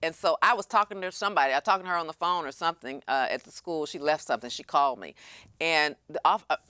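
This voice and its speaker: A woman in her fifties, a lawyer hosting a talk show, telling a story in an animated way and acting out what people said. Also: sits low, fast talker, clean tone, dry recording. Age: 50s. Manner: animated storyteller, acts out quotes. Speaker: host and lawyer. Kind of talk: casual talk show chat.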